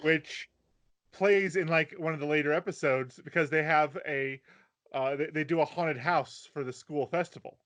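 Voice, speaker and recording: A man's voice: on the high side, steady tone, normal speed, fairly bright tone. A man on a casual podcast explaining anime plot points and adding details to his co-host's recap. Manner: explanatory, adds details and corrections to his co-host. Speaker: podcast co-host.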